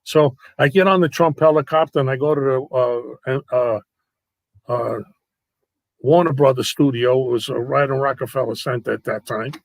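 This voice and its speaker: A man's voice: mid-range voice, fairly even intonation, moderate pace, gravelly, no room sound, poor audio. A man, a guest entertainer telling brash, comic show-business stories with salty language over a video call. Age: 80s. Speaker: guest, actor and nightclub entertainer. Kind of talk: anecdotal storytelling.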